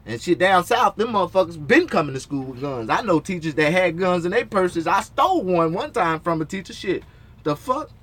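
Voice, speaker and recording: A man's voice: sits high, animated, a little fast, hardly any pauses, a bit bright. A man hosting his own late-night talk show, ranting in a profane, rambling way from his motorhome. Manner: profane, rambling rant with frequent cursing.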